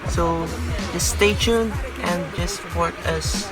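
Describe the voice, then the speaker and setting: A man's voice: high voice, slow pace, over loud music. A young man with a Filipino accent giving an upbeat channel outro, hyped and mixing in Tagalog. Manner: hyped, mixes English and Tagalog. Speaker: vlog host.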